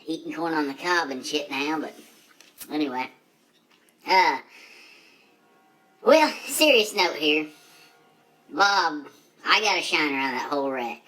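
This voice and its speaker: A man's voice: on the high side, sing-song, measured pace, long pauses, pushed and bright, soft background music, full character voice, poor audio. A man playing a brash, foul-mouthed redneck drag racer in a comedic monologue, full of profane, rambling, boastful trash talk.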